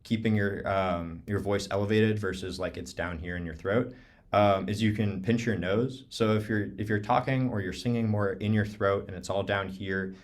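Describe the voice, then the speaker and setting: A young man with a very low voice teaches clarinet over a video call. He talks loosely and casually, filling his sentences with "um" and "like". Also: normal speed. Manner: relaxed, many fillers like "um" and "like". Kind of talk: casual online clinic talk.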